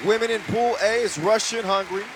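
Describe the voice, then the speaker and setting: A man doing live play-by-play commentary, hyped and shouting his calls, out of breath after a long day. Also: high-pitched, fairly even intonation, quick pace. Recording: loud music and crowd behind.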